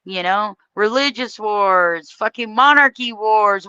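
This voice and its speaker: A woman's voice: mid-range voice, normal speed, bright, forceful tone, no echo, lo-fi sound. An American woman hosting a livestream, delivering a heated, profane political rant with blunt emphasis. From United States. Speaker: livestream host.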